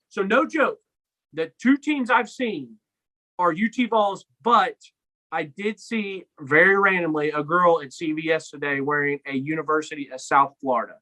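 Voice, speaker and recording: Young man, podcast co-host, casual chat, bright tone, slightly high voice, animated storyteller. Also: normal speed, low-quality recording. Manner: animated storyteller, acts out his own lines loudly.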